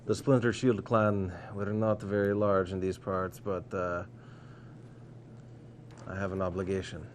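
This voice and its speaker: Male game master voicing a tired stocky dwarf guard, low-voiced, lived-in. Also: level tone, a little slow, slight background noise. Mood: weary.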